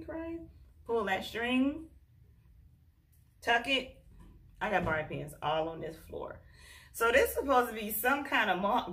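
A woman's voice: medium pitch, bright, forceful tone. Woman vlogger, casual and exasperated, chatting straight to camera as she works on her hair. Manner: exasperated, chatty, talks to viewers as "y'all". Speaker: beauty vlogger. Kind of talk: casual hair tutorial chat.

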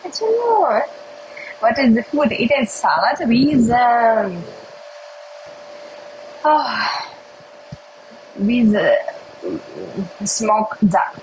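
A young woman from Russia with a Russian accent, chatting casually with viewers on a phone livestream in halting, simple English. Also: on the high side, very animated, a little hiss or hum, low-quality recording. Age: young adult. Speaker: livestream host.

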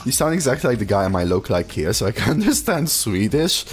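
Lively casual male game streamer. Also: mid-range voice, fast, soft background music. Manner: casual, chatty, reads chat aloud and answers it. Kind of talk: live card game stream commentary.

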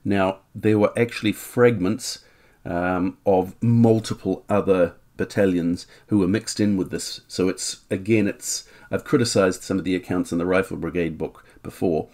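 A man's voice: low voice, fairly even intonation, normal speed, darkish tone. A man narrating military history, reading out sources and adding frank, opinionated asides.

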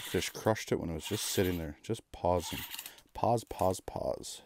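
A man giving excitable live commentary while ice fishing from a shelter on a frozen lake, with bursts of cheering and repeated exclamations. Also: deep voice, a little slow, a little hiss or hum. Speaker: fishing vlogger.

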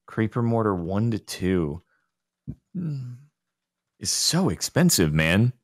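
A man's voice: lowish voice, slow. A man talking through a multiplayer strategy game with a friend, dry and sarcastic. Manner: relaxed, dry sarcastic banter. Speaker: gaming co-host. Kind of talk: casual gaming chat.

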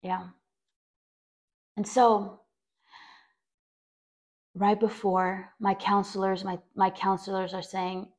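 A woman's voice: medium pitch, flat delivery, measured pace, long pauses. A young woman hosting a podcast, telling a personal story in a rambling way with many fillers. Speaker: podcast host.

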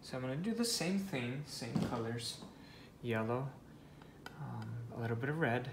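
A man teaching a step-by-step painting tutorial, talking softly and half-whispering as he works. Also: mid-range voice, animated, normal speed, reverberant, background noise. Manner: soft, half-whispered guidance while painting. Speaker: painting instructor.

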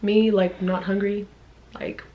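A young woman vlogger telling a story in a casual, animated way, acting out everyone in it with big jumps in her voice. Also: medium pitch, takes it slowly, lo-fi sound, slight background noise.

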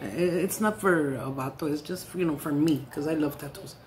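Middle-aged woman vlogger, slightly low voice, swears and giggles through casual stories. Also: moderate pace, a little mellow, a little hiss or hum. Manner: salty, profane, giggly storytelling. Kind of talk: casual chat while eating.

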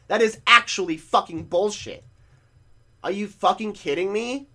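High-voiced man ranting over gameplay. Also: moderate pace, bright, forceful tone. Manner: frustrated, swearing, ranting at the game. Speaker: gaming channel host. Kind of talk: let's play commentary. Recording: game gunfire under the voice.

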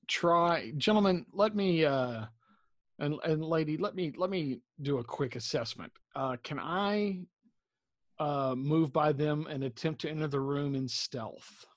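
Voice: mid-range voice, takes it slowly, no echo, studio quality. A player in a tabletop game, talking casually with wry, self-deprecating humor.

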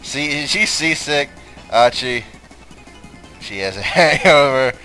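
Giggly, crude young man with a lively voice. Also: mid-range voice, takes it slowly, long pauses, soft background music, poor audio. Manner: giggly and crude, laughing through lines. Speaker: let's play commentator. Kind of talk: casual gameplay commentary.

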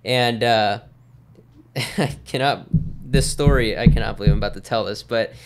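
Male guest, 30s, smooth resonant voice, relaxed rambling storyteller. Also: medium pitch, normal speed. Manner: easygoing, rambling, with many fillers. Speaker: podcast guest. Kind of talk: casual storytelling in conversation.

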